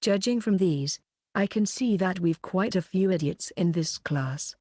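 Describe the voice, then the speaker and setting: A woman's voice: fairly low pitch, expressive, unhurried, dark tone, no room sound, clean studio sound. A woman voicing a stern, cold female homeroom teacher with a cutting, mocking manner.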